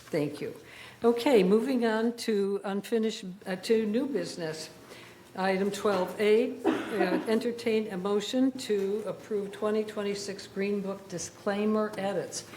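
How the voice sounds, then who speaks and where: A woman runs a board meeting in a brisk, procedural way, calling for votes and moving through agenda items. Her pitch is mid-range, and there is faint room ambience behind her. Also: fairly even intonation, roomy sound, background noise. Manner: brisk, procedural, explains for viewers. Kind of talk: chairing a formal meeting.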